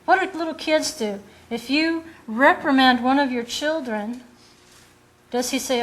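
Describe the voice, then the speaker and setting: A woman preaches with a fairly high voice. She is earnest and direct, and she poses rhetorical questions to her listeners. She acts out quoted lines as part of her teaching. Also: normal speed, a bit bright, a little hiss or hum. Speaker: Bible teacher. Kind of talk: sermon.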